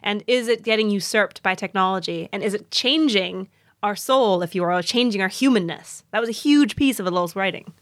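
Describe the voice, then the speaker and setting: A woman's voice: mid-range voice, a little fast, no echo. A woman co-hosting a podcast, walking her partner through a story in a casual, explanatory way. She laughs easily between points. The recording is dry, with no room sound. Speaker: podcast host.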